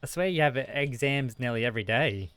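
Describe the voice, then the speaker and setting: A young man streaming a shop game, talking fast and frazzled to his customers and himself. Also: mid-range voice, lively intonation, a bit bright, smooth, no room sound. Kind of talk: live-streamed gameplay commentary.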